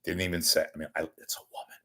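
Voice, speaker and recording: Deep-voiced man rambling on a live show. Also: flat delivery, very fast, bright, forceful tone. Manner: meandering, self-interrupting, wisecracking. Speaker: host of a live talk show. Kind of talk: rambling live solo talk.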